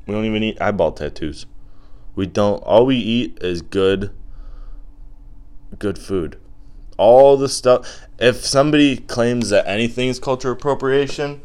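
A man's voice: fairly low pitch, darkish tone. A young man hosting his own podcast, ranting casually with lots of swearing, rambling jokes and loose asides. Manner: profane, rambling, loose and joking. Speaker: podcast host. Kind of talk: casual comedic rant.

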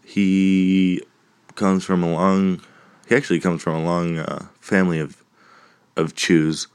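Low-voiced guy doing a solo podcast, slow and loose, cracks himself up, bit of a cough. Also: flat delivery, a little mellow, clean tone. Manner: joking, rambling, laughs at own puns. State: lingering cough. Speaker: podcast host. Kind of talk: casual solo podcast chat.

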